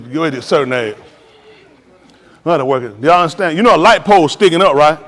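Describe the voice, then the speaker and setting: A man's voice: a little high, fast, long pauses, in a large hall. A middle-aged man, a preacher, giving casual advice on a live stream, telling stories in vernacular and laughing as he goes.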